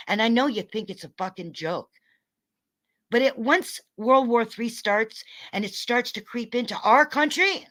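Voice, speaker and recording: A woman streamer in an angry, profane rant at her viewers, talking in fast bursts. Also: on the high side, expressive, a bit bright. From North America. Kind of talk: angry rant to a live audience.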